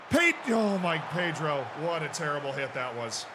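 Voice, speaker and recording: A man streaming a football management game, calling the match play-by-play and shouting in excitement. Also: a little high, normal speed, hardly any pauses, a little hiss or hum. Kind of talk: live gameplay commentary.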